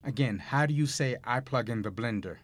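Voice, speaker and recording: A man hosting a recorded language course, explaining grammar mistakes and giving listen-and-repeat prompts in a measured, clearly enunciated way. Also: medium pitch, dry recording. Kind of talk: scripted Spanish lesson narration.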